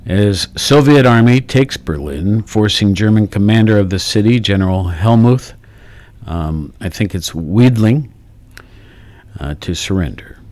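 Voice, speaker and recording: Unhurried, low-voiced male radio host. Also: expressive, a little mellow, no echo. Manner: unhurried, with fillers and self-corrections. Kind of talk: casual radio talk. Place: radio studio. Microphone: studio microphone.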